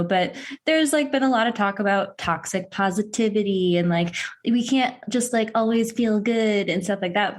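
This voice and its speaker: A woman hosting a podcast interview, chatting casually with frequent laughs, fillers and restarts. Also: mid-range voice. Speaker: podcast host.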